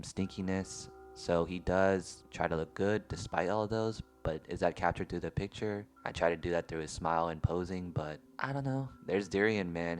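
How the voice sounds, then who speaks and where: A young man giving casual, self-mocking voice-over commentary on his drawings, speaking close to the mic. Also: low voice. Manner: wry, offhand, self-mocking. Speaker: art youtuber. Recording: faint music behind.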